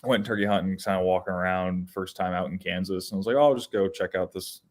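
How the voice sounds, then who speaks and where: A man's voice: low-pitched, fast. A young man co-hosting a podcast, telling casual outdoor stories with lots of restarts and fillers. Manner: rambling, animated storytelling with many restarts. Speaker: podcast co-host. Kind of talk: casual storytelling chat.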